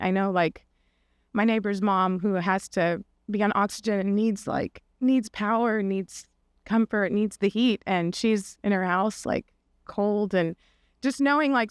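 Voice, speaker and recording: A woman's voice: mid-range voice, smooth, no echo, studio quality. A middle-aged woman, a podcast guest, telling a personal story in a casual, chatty way, full of fillers and "like"s, acting out the quoted voices.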